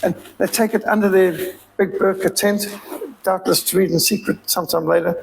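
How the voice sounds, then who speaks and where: A man's voice: high-pitched, fairly even intonation, normal speed, gravelly, a little hiss or hum, rough recording. A man with a Rhodesian accent giving an emphatic, preacherly sermon-style appeal as a missionary speaker. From Zimbabwe.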